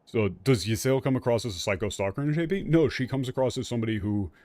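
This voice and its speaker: A fast-talking man streams a game, playing and translating it while explaining the story in casual, rambling commentary full of fillers, restarts, and the occasional swear. His medium-pitched, darkish voice has no echo.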